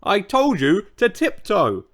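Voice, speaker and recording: A man's voice: a little high, sing-song, a little slow, a bit bright, heavily acted. A man voicing a grumpy old male triceratops who grumbles and bellows. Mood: roaring.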